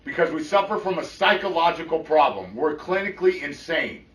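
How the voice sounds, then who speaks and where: A middle-aged man speaks to a meeting room, blunt and full of swearing, tossing "right?" at his listeners. His voice is bright and forceful, while the room around him rings and he sounds set back from the mic. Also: on the high side, animated, brisk. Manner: blunt and profane, often checks in with "right?". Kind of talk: personal testimony to a group. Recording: echoey room, mic from far off.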